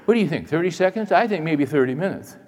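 A male pastor preaching a sermon in a church, dramatic, moving between loud emphasis and hushed asides. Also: fairly high pitch, expressive, quick pace, big-room sound.

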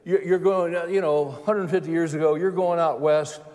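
A man's voice: fairly high pitch, steady tone, normal speed, a little mellow, big-room sound. A man in his seventies preaching a sermon in a folksy, conversational way, repeating phrases for emphasis. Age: 70s.

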